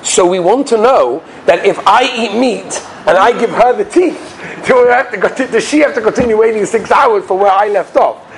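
A man teaching Jewish law as a lively lecture, full of stories and rhetorical questions. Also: high-pitched, moderate pace, hardly any pauses, a little hiss or hum. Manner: lively storytelling, rhetorical questions, mixes Yiddish and Hebrew terms. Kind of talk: animated lecture with anecdotes.

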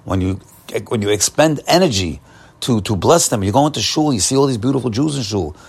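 A man's voice: mid-range voice, lively intonation, fairly quick, creaky, breathy edge. A man giving an upbeat, encouraging morning Torah talk, often repeating and restarting his phrases. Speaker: Torah teacher.

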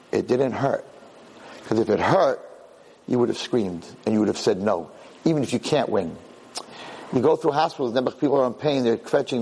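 A middle-aged man giving an impassioned Torah talk, telling stories and acting out quotes in a husky voice. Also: mid-range voice, a little mellow, big-room sound, rough recording. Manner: storytelling, acts out quotes, impassioned. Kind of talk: animated Torah class.

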